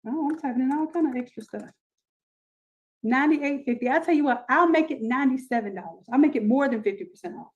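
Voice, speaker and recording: High-voiced woman selling on a live stream. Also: fast talker, lo-fi sound. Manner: energetic, repeats herself, talks straight to viewers. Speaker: online design class host. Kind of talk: live-stream sales pitch and teaching.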